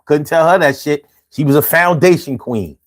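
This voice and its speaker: A man telling a personal story in a casual vlog monologue. He talks in a profane, slangy and animated way and often mocks himself. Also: fairly high pitch, normal speed. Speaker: vlogger.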